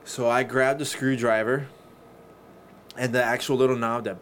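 A man talking casually on a podcast, swearing freely and telling stories in an animated way. His pitch sits in the ordinary middle range for a man. A faint hiss of background noise runs under the voice. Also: normal speed. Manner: profane, animated storyteller. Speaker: podcast co-host. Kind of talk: casual chat.

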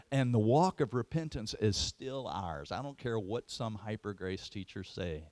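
A man preaching a sermon as a pastor, telling a story in an animated way. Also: on the low side, unhurried, dry recording.

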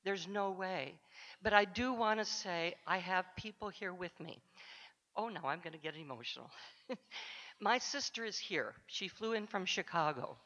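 Woman counselor, mid-pitched, heartfelt acceptance speech, muffled sound with long hall echo. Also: a little slow, a bit bright. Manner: heartfelt, speaks directly to the audience. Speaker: award recipient, counselor. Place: conference luncheon hall. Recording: dull sound in a large echoing hall.

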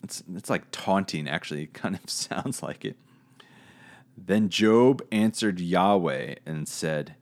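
A man's voice: deep voice, sing-song, takes it slowly, pauses often. A man giving a casual Bible lesson. He talks in a conversational, searching way, hedging and correcting himself as he goes. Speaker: Bible teacher.

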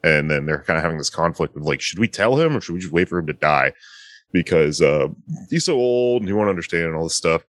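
A low-pitched man with lively intonation talks fast as he casually retells a movie plot to a friend. His rambling account is full of fillers and acted-out quotes, captured in a dry, studio-quality recording.

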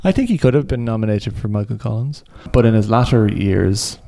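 A man co-hosting a podcast, giving his film opinions in a calm, measured way. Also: on the low side, gravelly. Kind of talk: casual film chat. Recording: noisy, clicky recording.

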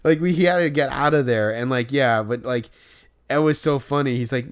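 A man co-hosting a casual podcast, telling a story full of "like" and loudly acting out what people said. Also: a little high, fairly quick, clean tone. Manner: animated retelling with loud acted-out quotes and filler "like". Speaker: podcast co-host.

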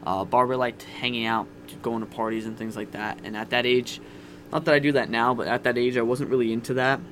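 A man's voice: medium pitch, flat delivery, brisk, fairly bright tone, a little hiss or hum. A young man casually telling a candid, profane personal story on a podcast. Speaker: podcast guest.

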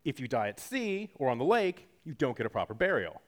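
A man's voice: mid-range voice, sing-song, fairly quick. A man preaching a sermon in a casual, jokey teaching style, acting out quotes as he goes. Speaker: pastor.

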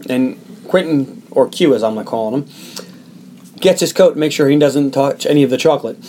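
A man's voice: medium pitch, brisk, warm tone, slight background noise. Man casually retelling a film plot. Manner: loose, profane storytelling recap. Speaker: podcast host recapping a film. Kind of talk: casual chat.

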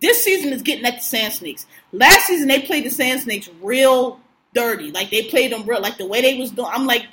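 A woman co-hosting a casual show chat, animated, slangy and profane, often breaking into laughs. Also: fairly high pitch, fairly quick. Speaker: podcast co-host. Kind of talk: casual chat recapping TV shows.

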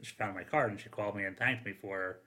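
A firefighter and former union president telling casual stories on a podcast, rambling and acting out the dialogue. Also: male voice, fairly low pitch, fast talker, sharp tone. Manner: rambling anecdotes, acts out quoted dialogue.

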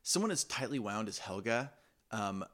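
A man with a lowish voice talks animatedly on a podcast. He gets excited as he goes and plays up his jokes. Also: moderate pace. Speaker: podcast co-host. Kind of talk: casual review chat.

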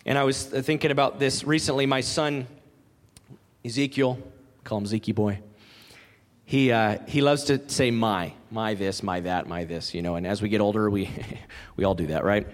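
A man's voice: mid-range voice, moderate pace, in a large hall. A man in his thirties preaching a sermon, earnest and emphatic, repeating his key phrases. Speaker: pastor.

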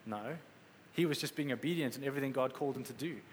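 Emphatic preacher in an echoey hall. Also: male voice, medium pitch, quick pace, a little hiss or hum. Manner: emphatic, conversational preaching with acted-out quotes. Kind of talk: sermon. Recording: echoey hall with faint ambience.

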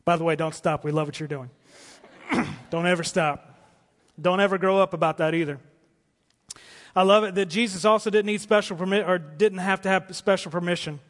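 Male pastor, high register, passionate sermon delivery with soft asides; long hall reverb. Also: fairly even intonation, moderate pace, long pauses. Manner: impassioned preaching, rising to emphatic peaks and dropping to soft pleas. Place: church auditorium.

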